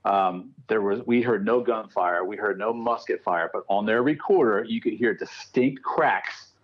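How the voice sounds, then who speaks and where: A man's voice: fairly low pitch, a little slow, lo-fi sound. A man telling a ghost story in casual podcast chat, acting out what people said. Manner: animated storyteller acting out quotes. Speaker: guest paranormal researcher.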